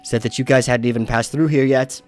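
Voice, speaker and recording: A man voicing a wounded woman paladin, earnest and halting as she explains herself. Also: mid-range voice, steady tone, darkish tone, natural voice. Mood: worried.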